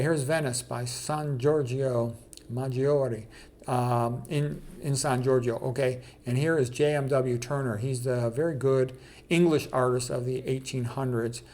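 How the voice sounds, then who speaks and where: A man's voice: medium pitch, a little mellow. Blunt man talking through a slideshow. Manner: blunt and emphatic, with frequent "okay" and "you know". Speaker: presenter of an art slideshow. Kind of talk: casual commentary on a slideshow.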